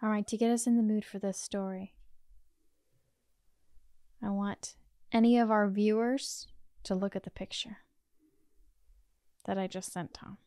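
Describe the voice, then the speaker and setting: A woman's voice: medium pitch, fairly even intonation, a little slow, pauses often, mellow, dry recording, clean studio sound. A woman co-hosting a podcast, chatting casually and filling her speech with "like" as she tells a story. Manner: chatty, heavy use of "like". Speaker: podcast co-host. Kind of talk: casual chat, telling a dream story.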